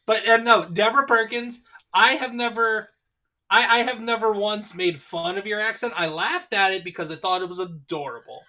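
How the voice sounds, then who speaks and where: A man's voice: sits high, normal speed, bright, forceful tone. A man hosting a casual livestream, reading chat messages aloud and teasing with frequent laughter. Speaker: host.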